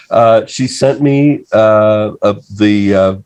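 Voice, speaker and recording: A man telling a story as a podcast guest, halting, with many uh's and restarts. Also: lowish voice, darkish tone, clean tone. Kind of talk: casual podcast chat.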